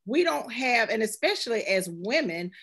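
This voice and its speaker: A woman doctor as a guest in casual conversation, explaining in a measured way. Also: on the high side, sing-song, a bit bright.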